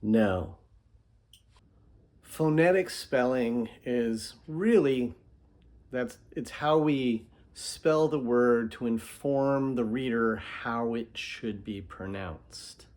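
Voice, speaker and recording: A man patiently explaining a method in an instructional lesson, slowing down to sound out example words. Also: mid-range voice, darkish tone. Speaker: teacher.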